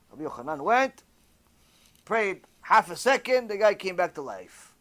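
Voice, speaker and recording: Religious teacher guy, high voice, lively story-sermon with hebrew words mixed in. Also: moderate pace. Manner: animated, conversational, sprinkled with Hebrew terms.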